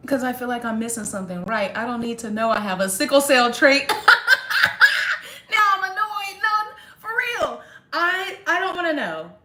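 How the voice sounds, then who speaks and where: A young woman chatting casually to viewers on a livestream, sarcastic and quick to laugh. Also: sits high, very animated, pushed and bright, reverberant. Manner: sarcastic, laughs often, talks straight to viewers. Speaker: livestream host.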